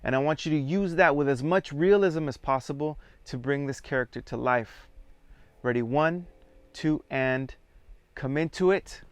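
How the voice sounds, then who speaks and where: A man at medium pitch with a smooth, resonant voice guides a theatre exercise. He speaks calmly and in measured steps, counting the group in. The sound is close and dry. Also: no room sound. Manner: calm, measured, counts students in and prompts them. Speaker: theatre workshop leader.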